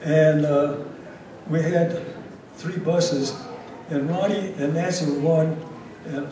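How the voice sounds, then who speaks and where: A man's voice: a little high, fairly even intonation, takes it slowly, a crowd in the background. An older man giving an anecdotal after-lunch award speech, telling stories with many "uh" fillers and acting out the dialogue. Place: hotel banquet room. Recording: echoey banquet hall from far off.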